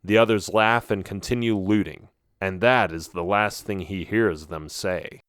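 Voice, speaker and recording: A man's voice: low-pitched, measured pace, a bit bright, dry recording, clean studio sound. A man narrating a fantasy adventure audiobook in a dramatic, emphatic way. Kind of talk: scripted storybook narration.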